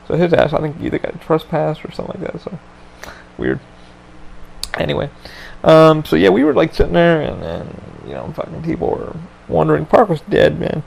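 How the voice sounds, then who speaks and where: A man's voice: fairly high pitch, expressive, moderate pace, gravelly, a little mellow, slight background noise, low-quality recording. A man hosting a podcast, telling a story in a casual chat with lots of swearing and loose rambling. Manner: profane, laid-back, loose rambling. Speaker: podcast host.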